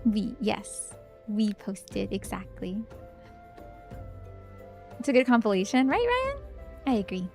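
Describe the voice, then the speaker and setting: A woman's voice: medium pitch, huge pitch swings, slow, vocal fry, pauses often. A young woman chatting casually with her viewers while streaming a game, upbeat and rambling, with faint music behind.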